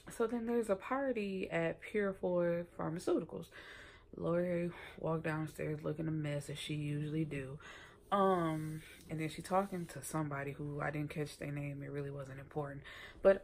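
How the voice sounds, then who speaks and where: A woman with a low voice and gravelly fry chats through a TV episode recap. She is sassy and conversational, and she jumps up in pitch to act out the characters' lines. Faint noise sits behind her. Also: darkish tone. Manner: chatty, sassy, acts out quotes in higher voices. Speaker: TV episode reviewer.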